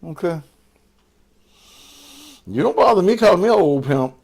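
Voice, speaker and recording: A man's voice: high voice, lively intonation, normal speed, creaky, darkish tone, breathy edge. An older man hosting an online show, cursing and taunting commenters in a combative rant. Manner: crude, combative, cursing, mocking. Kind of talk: profane live-stream rant.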